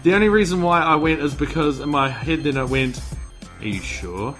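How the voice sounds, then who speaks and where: A man's voice: fairly high pitch, fairly quick, a bit bright, faint music behind. A man hosting a podcast in casual chat, rambling with lots of restarts, buzzing on caffeine. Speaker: podcast host.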